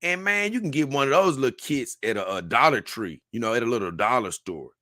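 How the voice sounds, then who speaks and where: A man hosting a casual livestream, reading long lists aloud at an unhurried pace with offhand asides. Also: mid-range voice, expressive, sharp tone, dry recording, studio quality. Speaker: livestream host.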